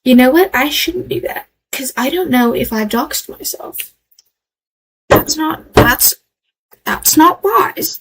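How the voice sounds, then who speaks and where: High-voiced woman in a put-on Southern drawl. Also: expressive, slow pace, a bit bright, a little hiss or hum, poor audio. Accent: put-on American Southern drawl. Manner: playful, chatty, talks to herself. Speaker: streamer. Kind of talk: casual let's-play chat.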